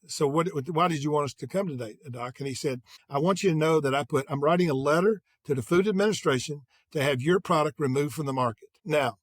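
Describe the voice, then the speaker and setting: An older man in an interview, telling energetic anecdotes and acting out quoted dialogue. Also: a little high, quick pace, few pauses, dry recording. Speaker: guest, sales executive. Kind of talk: conversational interview storytelling.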